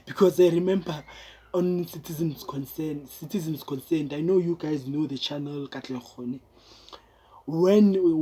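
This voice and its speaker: A woman with a South African accent, her voice low and a little husky, with a dark, mellow tone. She speaks in casual commentary to her viewers, emphatic and repetitive, and keeps calling them guys. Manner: emphatic, repeats words, addresses viewers as guys.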